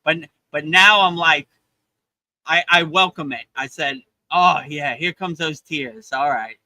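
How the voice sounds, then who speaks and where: A man talks earnestly about devotion in a loose, heartfelt way, often stumbling over and repeating his opening words. His voice is very bright and a little high for a man. The sound is dry and close. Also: unhurried, dry recording, rough recording. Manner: earnest, emotional, repeats words when starting sentences. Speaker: yoga teacher and livestream host. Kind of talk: casual spiritual chat. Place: beach in Thailand.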